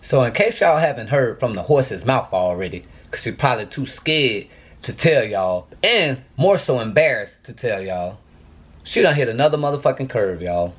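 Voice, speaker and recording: A man's voice: medium pitch, sing-song, moderate pace, husky. A man vlogging to camera, venting in a profane, exasperated rant.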